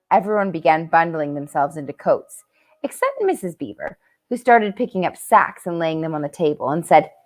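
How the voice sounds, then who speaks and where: A woman's voice: lowish voice, sing-song, normal speed. Woman reading a bedtime story. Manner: chatty, warm asides between read passages. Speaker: camp storyteller.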